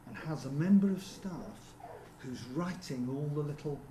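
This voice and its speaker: A man presenting at a seminar in a theatre, talking conversationally with frequent ums and quick rhetorical checks with the audience. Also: on the high side, dark tone. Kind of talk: conference presentation. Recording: roomy venue with faint background hum.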